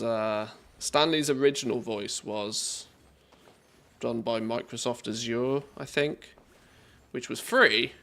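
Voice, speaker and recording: A man's voice: medium pitch, fairly bright tone. A man streaming live, talking casually and rambling, restarting his thoughts mid-sentence.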